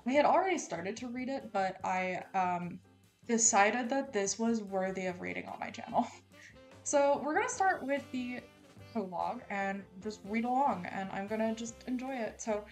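A woman's voice: fairly high pitch, lively intonation, moderate pace, soft background music. Playful woman reading a romance novel aloud. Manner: playful, sarcastic asides, laughs at herself. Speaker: audiobook reader. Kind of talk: dramatic casual book reading.

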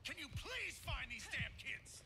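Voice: sits high, big pitch swings, measured pace, music in the background, exaggerated voice. An actor voicing a menacing member of a horror game's killer family in a harsh whisper, heard through game audio. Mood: scolding.

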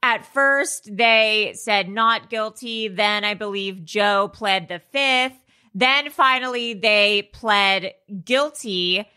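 A chatty woman co-hosting a podcast, with a bright, forceful tone. She talks casually, trips over names and laughs easily. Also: medium pitch, slow pace, clean tone. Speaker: podcast co-host. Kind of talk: casual chat.

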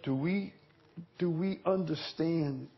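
Man preaching, slow deliberate delivery, somewhat high voice, dull lo-fi church recording. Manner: builds from quiet earnest teaching to loud fervent preaching. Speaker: pastor. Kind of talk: sermon. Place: church sanctuary.

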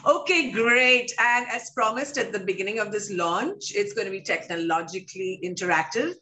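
A woman's voice: medium pitch, moderate pace, noisy background. A woman hosting a book launch, chatty and sprinkling her questions with "you know".

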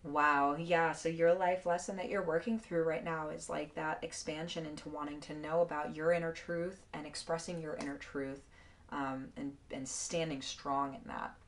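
A woman's voice: low-pitched, fairly even intonation, normal speed. A woman giving a casual, emotional tarot card reading to her viewers, effusive and swearing freely.

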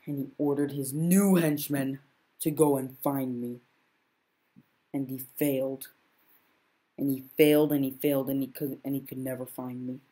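A woman's voice: extremely low pitch, steady tone, normal speed, dark tone, slightly rough. A woman narrating a homemade first-person story in a subdued way, repeating phrases as she goes.

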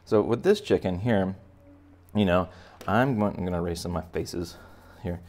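A man's voice: deep voice, moderate pace, darkish tone, faint music behind. A man giving a playful, chatty step-by-step drawing lesson for kids. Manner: playful, chatty, talks to children directly. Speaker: art teacher.

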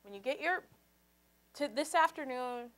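In an animated, unhurried sermon, a woman pastor preaches with passion and leads call and response with the congregation. She moves from soft, low passages to loud, high exclamations.

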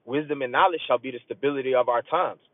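A man's voice: medium pitch, quick pace, dry recording. A man delivers an informal, urgent sermon, slipping between plain talk and read-aloud scripture. His speech is loose and conversational. The audio is narrow and phone-like, dry and close. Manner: earnest and urging, rising as he presses a point. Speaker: street preacher. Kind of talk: casual sermon.

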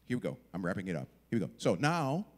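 A man's voice: low-pitched, very animated, fast. A middle-aged man preaching a sermon with dramatic storytelling, acting out the voices of the figures and dropping suddenly to a whisper. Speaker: guest preacher.

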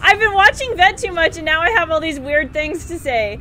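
A young woman live-streaming a horror game, excitable, screaming and laughing at scares and gushing thanks to her viewers. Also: very high-pitched, normal speed, noisy background.

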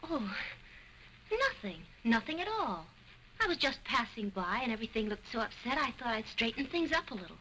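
An evasive young stage dancer brushes off questions in a cool, dismissive way. Her voice is bright and moves widely in pitch, in early talkie acting style. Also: sing-song, moderate pace, a little hiss or hum, poor audio.

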